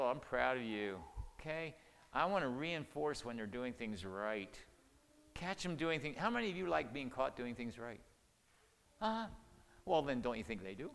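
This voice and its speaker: A man's voice: medium pitch, a bit bright, a little hiss or hum. Older man teaching in a reverberant hall. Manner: earnest, conversational, many restarts and "okay?" check-ins. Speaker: marriage-preparation speaker. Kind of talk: folksy seminar teaching.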